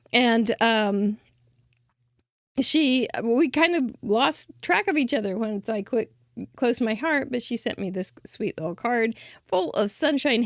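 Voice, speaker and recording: A middle-aged woman hosting a craft show, chatting warmly and gushing as she shows cards that viewers sent her. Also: fairly high pitch, no echo, clean studio sound. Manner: chatty, gushing, laughs often. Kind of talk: casual chat showing mailed cards.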